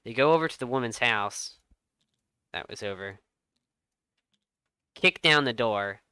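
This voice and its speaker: Bright-voiced man narrating a game. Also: medium pitch, clear, resonant tone, dry recording. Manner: lively storytelling with dramatic pauses. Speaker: game master.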